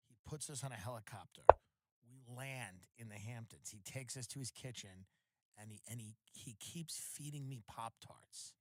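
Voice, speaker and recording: A man's voice: mid-range voice, moderate pace. A man hosting a podcast, telling comedic stories in a sardonic, mock-outraged monologue. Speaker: podcast host.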